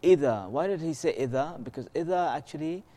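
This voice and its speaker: Racing along in a fairly high, warm voice, this religious teacher delivers a conversational lesson. He explains patiently, asks rhetorical questions, checks in with his listeners and slips into melodic Arabic verse recitation.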